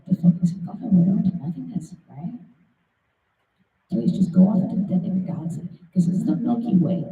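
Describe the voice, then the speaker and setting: A man's voice: a little high, creaky, recorded from a distance. A man rambling in a restless, profane stream of talk, often repeating himself. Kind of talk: rambling monologue. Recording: tinny phone-like sound, roomy, off-mic.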